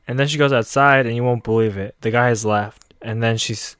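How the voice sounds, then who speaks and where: Young guy snarking through an anime recap, swears a lot, clean smooth voice, dead dry sound. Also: medium pitch, steady tone, a little fast, hardly any pauses, fairly bright tone, no room sound. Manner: sarcastic, mocking asides. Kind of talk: casual comedic recap with profanity.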